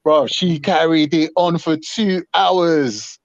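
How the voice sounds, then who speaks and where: A man telling a story to a live panel, animated and swearing freely. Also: a little high, slow pace, dry recording. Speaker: panel host. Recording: dull, dry online stream audio.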